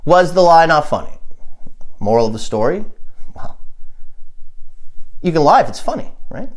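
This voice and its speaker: A hoarse man hosting a podcast, rambling through a satirical comedy monologue and chuckling at his own jokes. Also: a little high, wildly swooping pitch, unhurried, long pauses. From Canada. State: hoarse, sore throat. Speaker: podcast host.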